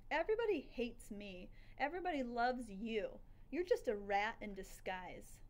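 A sulky, resentful schoolboy who grumbles his words with bitterness, as read by a woman in an audiobook. The voice sits a touch high. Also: animated, normal speed, close to an everyday voice. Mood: grumbling. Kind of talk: audiobook character voice.

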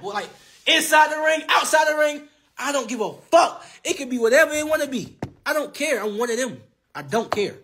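A young boxer's very high, bright voice carries a forceful tone as he taunts rivals on a phone live stream. Brash and repetitive, he often laughs in the middle of sentences.

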